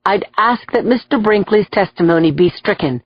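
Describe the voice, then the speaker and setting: Woman reading a cool, measured male lawyer. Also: mid-range voice, slightly rough, no room sound, dull audio. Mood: calm. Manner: calm, measured. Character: composed male defense lawyer, even-toned.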